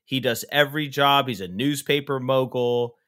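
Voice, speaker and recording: A man co-hosting a casual chat about a movie, animated and laughing, acting out lines in a raised voice. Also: mid-range voice, moderate pace. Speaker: podcast co-host.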